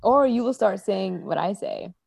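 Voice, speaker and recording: A woman's voice: mid-range voice, animated, normal speed, gravelly, a little mellow, no room sound, clean studio sound. Giggly woman podcast co-host. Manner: giggly and playful, laughs often. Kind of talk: casual chat.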